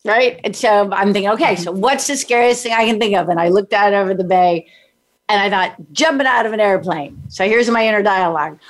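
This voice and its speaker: A woman's voice: medium pitch, moderate pace. A woman from San Diego, a podcast guest, telling a motivational story and acting out her own inner dialogue.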